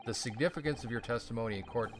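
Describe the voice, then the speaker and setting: A man's voice: medium pitch, very fast, noisy background, natural voice. A man voicing a stern older male judge who scolds and commands the court.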